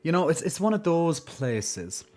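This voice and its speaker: A man with a slightly high, somewhat mellow voice talks unhurriedly to his live-stream audience, his pitch swinging widely. Playful and casual, he fills his speech with fillers and restarts, and he turns mock-solemn to exaggerate sad news.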